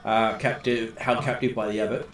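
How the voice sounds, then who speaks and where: A man running a tabletop game as game master, narrating with many pauses and fillers. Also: fairly low pitch, level tone, over music. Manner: halting, many ums and uhs.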